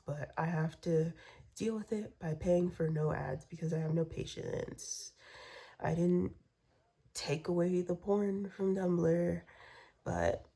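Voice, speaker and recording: Vlogger, woman, low dark voice, profane rambling rant that slips into whispers. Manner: profane, repetitive venting, drops to whispers.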